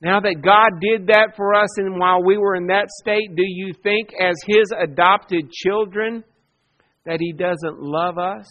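Slow, high-voiced male preacher. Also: steady tone, muffled recording. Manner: earnest preaching, swings from soft hush to emphatic. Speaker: pastor. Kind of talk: sermon.

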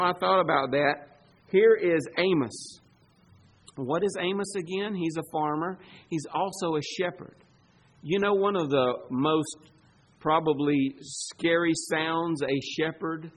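A man preaching a sermon, emphatic, asking rhetorical questions and swinging between loud declarations and hushed asides. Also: fairly high pitch.

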